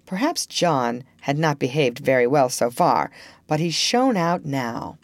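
A woman reading a storybook aloud in a slow, expressive manner as narrator. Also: low voice, dry recording.

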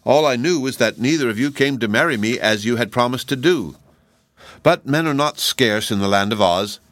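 A man's voice: mid-range voice, lively intonation, moderate pace, fairly bright tone, dry recording, pitched above the performer's own voice, lightly acted. A man voicing a pretty young Munchkin woman who speaks in a cool, polite manner.

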